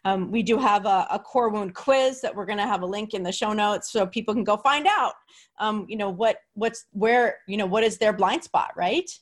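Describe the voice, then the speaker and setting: A woman's voice: medium pitch, normal speed. A woman hosting a podcast, chatting enthusiastically with many fillers and restarts. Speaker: podcast host. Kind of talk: casual podcast chat.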